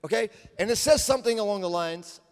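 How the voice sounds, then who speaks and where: A man's voice: high voice, lively intonation. Emphatic male preacher in a big hall. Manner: emphatic, repetitive, with dramatic pauses. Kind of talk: sermon. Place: large conference hall. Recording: long hall reverb.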